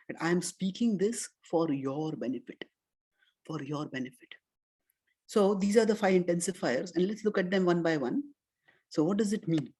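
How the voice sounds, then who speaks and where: A middle-aged man with an Indian accent giving a scripture lecture, explaining step by step and chanting verses slowly. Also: high voice, darkish tone, breathy edge. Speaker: spiritual teacher.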